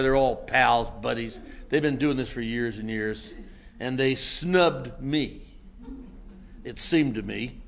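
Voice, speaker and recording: An older man telling a self-mocking story to a meeting audience in a wry, comic way that builds into shouting. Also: fairly high pitch, slight background noise. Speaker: recovery meeting speaker.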